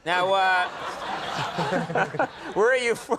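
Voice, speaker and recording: A man's voice: high voice, takes it slowly, noisy background. A man hosting a talk show, interviewing his guest with playful, teasing banter.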